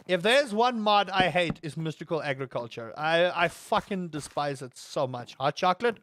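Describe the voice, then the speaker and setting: A man's voice: on the high side, expressive, moderate pace, hardly any pauses, fairly bright tone, no room sound. A man streaming a game live, chatting with viewers in a sarcastic, rambling way full of stammered fillers.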